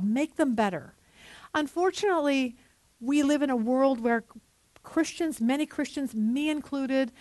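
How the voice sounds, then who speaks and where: A middle-aged woman teaching a women's Bible study, telling stories with animated asides and acted-out quotes. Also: on the high side, no echo.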